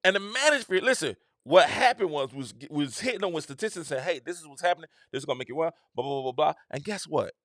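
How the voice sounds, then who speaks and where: A middle-aged man, hosting a casual opinion monologue with an animated, repetitive, preacher-like cadence. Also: fairly high pitch, quick pace, few pauses, no echo, studio quality. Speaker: host.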